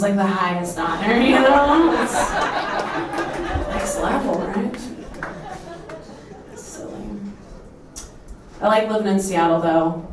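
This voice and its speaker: A young woman from Minnesota performs a stand-up set on a club stage, playful and animated, her voice leaping high on the punchlines. The sound is caught from a distance and rings around a very reverberant room. Audible background noise and audience laughter sit behind her. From Minnesota, USA. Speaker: stand-up comedian.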